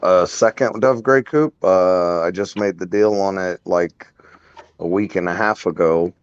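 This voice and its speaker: A man's voice: low voice, measured pace, clear, resonant tone, no room sound. A man hosting a casual podcast, talking about cars in a rambling way and laughing often. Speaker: podcast host. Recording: dull lo-fi recording.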